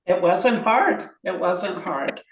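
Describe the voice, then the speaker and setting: A woman's voice: on the low side, expressive, creaky, recorded from a distance. A woman being interviewed as a guest. She speaks in an earnest, heartfelt way. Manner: earnest and heartfelt, slow-paced. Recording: echoey room, away from the mic.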